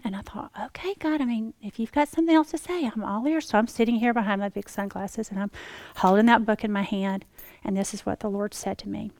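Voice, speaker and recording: A woman giving a personal testimony to a congregation, dramatic and folksy, swinging from loud exclamations to hushed whispers. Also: on the high side, no room sound, studio quality. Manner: folksy, addresses the audience as y'all. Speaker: speaker addressing a congregation.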